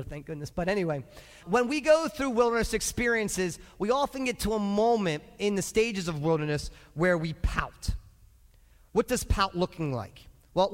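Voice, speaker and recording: A man with a high voice preaching to his congregation in a church sanctuary. He drops to hushed asides, then climbs into loud, shouted exhortation. A long hall reverb trails every phrase. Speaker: pastor. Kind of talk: sermon.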